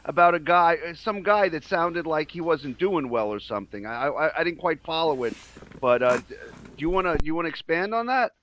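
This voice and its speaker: A man's voice: fairly high pitch, very animated, a little fast, a bit bright. Hesitant friendly man, faint noise behind. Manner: friendly, hesitant, many ums and restarts. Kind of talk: casual chat.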